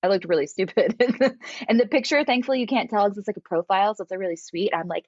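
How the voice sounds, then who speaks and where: A woman's voice: medium pitch, quick pace, breathy edge, dry recording, dull audio. A woman guest casually telling a story, acting out quotes and laughing often. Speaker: podcast guest.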